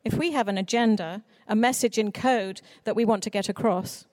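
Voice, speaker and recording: A woman who writes children's books, giving an earnest, expressive talk on writing for children. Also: medium pitch, moderate pace, dry recording, studio quality. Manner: earnest, expressive speaker with mock voices for quoted people. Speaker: children's author. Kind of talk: conference talk.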